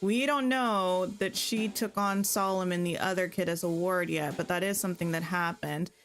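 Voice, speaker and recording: A woman's voice: on the low side, steady tone, moderate pace. A woman streamer chatting and reading narration aloud while playing a story game. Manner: chatty, laughing recap. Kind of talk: casual let's-play commentary and reading narration.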